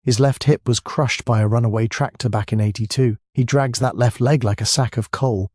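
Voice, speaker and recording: An actor voicing a sly, mild-mannered village policeman who talks in a soft, syrupy drawl with a thick Scottish Highland accent. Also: steady tone, moderate pace, no room sound, studio quality, close to an everyday voice.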